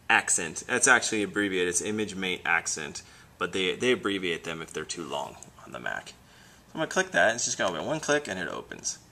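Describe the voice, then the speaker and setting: A man's voice: on the low side, fairly bright tone, slight background noise. A male teacher giving a casual how-to demonstration, chatting and thinking aloud as he fiddles with cables while holding the camera himself. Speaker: teacher demonstrating classroom tech. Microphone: handheld camera filming himself.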